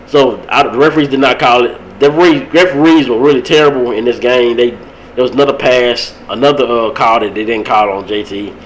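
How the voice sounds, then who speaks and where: A young man, hosting a podcast and rambling about a local high school football game. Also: fairly quick, a little hiss or hum, poor audio. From Texas. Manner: rambling, animated, laughs at his own stories. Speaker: podcast host. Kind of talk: casual sports talk.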